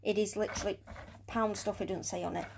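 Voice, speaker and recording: A chatty woman talks through a fiddly craft build in a loose, rambling way. She keeps drifting off mid-sentence into quiet muttering and near-whispers while her hands are busy, then comes back up to normal talk. Her pitch sits in a middle range for a woman. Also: fairly even intonation, fast talker, gravelly, slight background noise. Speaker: hobbyist building a tarantula enclosure. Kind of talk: casual crafting vlog narration.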